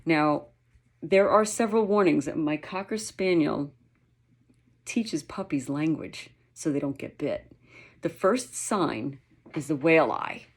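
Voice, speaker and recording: Woman, low voice, dog trainer, casual teaching, chatty, fillers. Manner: chatty, many fillers, acts out dog sounds and signals. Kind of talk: casual instructional talk.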